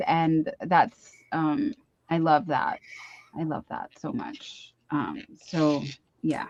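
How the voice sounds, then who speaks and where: A livestream host unboxes gifts while chatting casually, her fairly low voice slow yet lively, full of gushing gasps and exclamations. She is captured on a webcam or desk mic, and the stream audio is dull and dry with no room sound.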